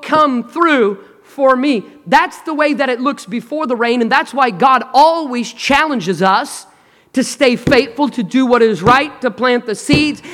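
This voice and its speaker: In a large auditorium, a male pastor with a strikingly high voice preaches a sermon, swinging dramatically between emphatic, loud declarations and quiet, hushed lines. He invites the congregation to answer him in call and response, and a long hall reverb trails each phrase.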